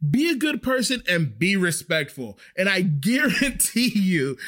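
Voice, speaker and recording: A man's voice: high-pitched, big pitch swings, a little slow, hardly any pauses, fairly bright tone. Chatty man with a lilt. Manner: emphatic, chatty, repeats points for stress. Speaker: restaurant server sharing industry tips. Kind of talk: casual advice monologue.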